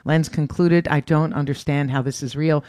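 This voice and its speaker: A woman's voice: deep voice, fairly even intonation, normal speed, darkish tone, no echo. A woman news correspondent reading a report in a polished, formal delivery.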